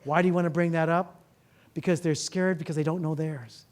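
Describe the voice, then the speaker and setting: Speaking briskly in a somewhat high voice, a male therapist gives a talk to a live audience. He weaves in stories and rhetorical questions and plays out conversations in animated voices.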